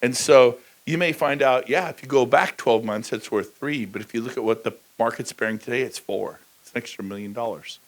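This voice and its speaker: Speaking a little fast with few pauses, a middle-aged man delivers a high-energy motivational real estate talk from a conference stage, with shouting bursts and call-outs to the audience. The recording is low quality.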